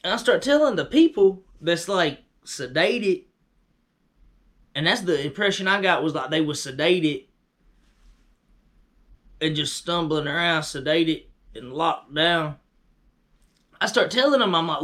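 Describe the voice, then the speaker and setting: A man casually recounting a vivid dream in a slangy, animated, conversational way. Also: fairly high pitch, moderate pace. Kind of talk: casual personal storytelling.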